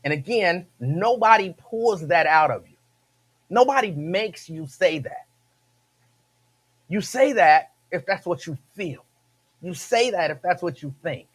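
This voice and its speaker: A male radio host with a slightly high voice delivers a loose, casual monologue. He hammers his points by repeating lines and breaks into laughs as he goes. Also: animated, a little slow, husky. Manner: repeats phrases, emphatic, laughs between points.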